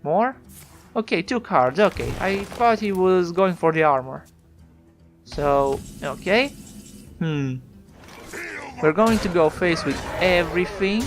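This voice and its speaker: An Italian-accented player gives unhurried, chatty commentary over a card game match. They question the opponent's plays aloud, and faint music runs underneath. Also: mid-range voice, lively intonation. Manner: chatty, talks back to the opponent with rhetorical questions. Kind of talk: casual gameplay commentary.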